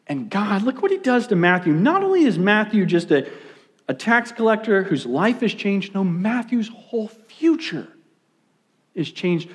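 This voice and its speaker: A young adult man preaching a sermon as pastor, animated and swinging between loud emphasis and hushed asides. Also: sits high, measured pace.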